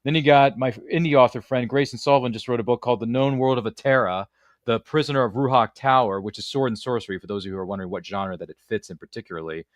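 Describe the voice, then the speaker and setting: Jokey, animated man hosting a podcast. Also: medium pitch, fast, dry recording, clean studio sound. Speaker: podcast host. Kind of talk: enthusiastic casual interview chat.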